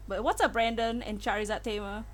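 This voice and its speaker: A woman's voice: mid-range voice, fairly even intonation, normal speed. A woman chatting casually with her viewers while playing through a game on a live stream, giggling often. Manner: chatty, giggly, talks to chat. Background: faint game music.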